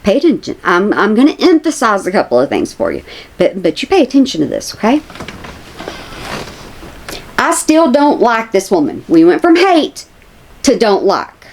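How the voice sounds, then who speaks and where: A woman's voice: medium pitch, wildly swooping pitch, normal speed, pauses often, slight background noise. A woman, chatting casually to her viewers as a commentary vlogger, repeating herself for emphasis.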